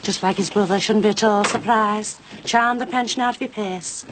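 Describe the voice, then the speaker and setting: A woman playing a brisk, tart church-going woman who is delivering a cheque in a TV soap drama. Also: mid-range voice, fairly even intonation, slight background noise, natural voice, poor audio.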